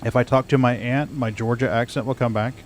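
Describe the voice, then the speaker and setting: A man's voice: medium pitch, steady tone, a little fast, a little hiss or hum. An American man chatting casually while playing a game, easygoing and rambling. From United States. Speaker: streamer. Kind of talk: casual gaming chat.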